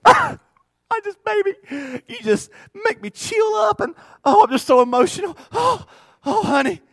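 A man's voice: very high voice, sing-song, measured pace, vocal fry, a bit bright, no room sound, voice pushed up, exaggerated voice. A man voicing an overly emotional man on a talk-show couch, sobbing and squealing his words. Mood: mock weepy.

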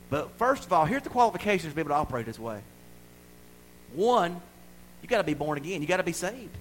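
Folksy preacher man, higher voice. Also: sing-song, quick pace, long pauses, a little hiss or hum, low-quality recording. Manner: folksy, playful preaching with acted-out voices and rising shouts. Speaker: pastor. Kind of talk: sermon.

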